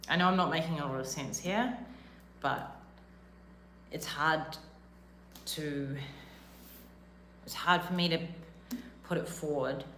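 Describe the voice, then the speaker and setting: A woman's voice: sits low, slow pace, long pauses, fairly bright tone, roomy sound, slight background noise. A young woman with a New Zealand accent chatting casually on a live stream, rambling and self-deprecating with lots of "like" fillers. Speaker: livestreamer. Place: rented villa room, indoors.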